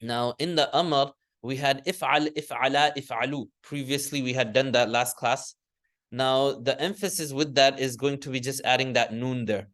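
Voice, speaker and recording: A man's voice: mid-range voice, fairly even intonation, normal speed, fairly bright tone. Man teaching a class, correcting himself. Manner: explains step by step, corrects himself often, chants word forms for the class to repeat. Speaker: Arabic grammar teacher. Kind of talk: classroom lesson.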